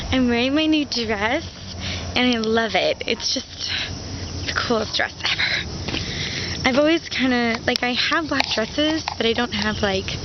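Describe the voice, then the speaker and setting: A young woman and mother chatting casually in a home vlog. She fills her talk with fillers, jumps between topics and gets giggly and excitable. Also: fairly high pitch, background noise. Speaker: vlogger and mother. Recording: slightly dull home-video sound.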